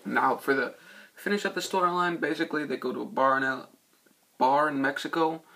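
This young film reviewer's voice is on the high side with vocal fry, and he talks fairly quickly. He rambles casually, swears a lot, loses his thread, and bursts into loud, shouty impressions of movie quotes.

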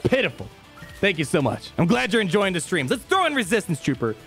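A young man giving live gameplay commentary as a streamer, talking to his chat and shifting quickly between calm and excited. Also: high voice, soft background music. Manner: excitable, talks to chat, quick mood swings.

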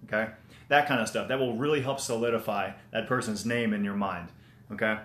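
A man's voice: lowish voice, fairly even intonation, fairly quick, a bit bright. Chatty man livestreaming in a roomy space. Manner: chatty, repeats himself, greets viewers. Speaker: motivational livestream host. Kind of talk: casual live stream coaching talk. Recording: roomy echo.

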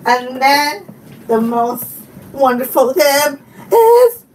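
A woman hosting a casual live stream from home, giggling a lot and chatting to her viewers and her dog. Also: sits high. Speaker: channel host. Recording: from a bit far off the mic, faint room noise.

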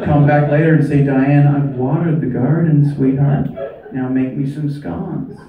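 A man voicing a rambling, fervent older preacher with a put-on American accent, preaching in bursts and shouts in a stand-up bit. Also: on the high side, steady tone, measured pace, phone-quality sound, natural voice. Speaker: stand-up comedian. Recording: echoey club, distant mic, loud room noise.

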